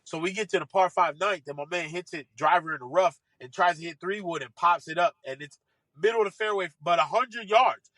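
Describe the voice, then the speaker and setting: A man with a high, bright voice tells a lively story. He acts out the voices of the people in it and laughs often. The sound is dry and close. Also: brisk, no room sound. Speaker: guest telling a story. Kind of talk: animated storytelling.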